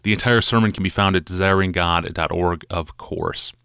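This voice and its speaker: A man hosting a podcast, giving a calm, conversational scripted introduction. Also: deep voice, moderate pace, vocal fry, smooth, dry recording, studio quality. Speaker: podcast host.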